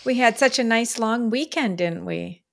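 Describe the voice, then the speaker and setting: A woman's voice: a little high, moderate pace, creaky, a bit bright. A mother chatting casually with her grown daughter, soothing and emotional. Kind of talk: casual chat.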